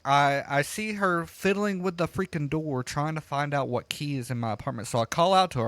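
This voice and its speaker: A man casually telling a rambling, profane story while he plays a game, getting loud and heated as he retells it. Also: on the high side, normal speed, hardly any pauses, no echo. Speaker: gaming streamer telling a story. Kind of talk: casual storytelling over gameplay.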